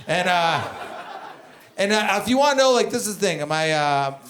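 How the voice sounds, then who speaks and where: A man's voice: high voice, very animated, moderate pace, noisy background. A man from Canada doing a stand-up comedy set, telling rambling, profane stories on a club stage. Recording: comedy club with audience laughter.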